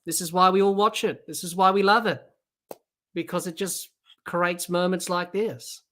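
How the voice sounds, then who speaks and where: Excitable woman hosting a cricket watch-along. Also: on the low side, normal speed. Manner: excitable, reads out and answers viewer chat. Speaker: podcast host.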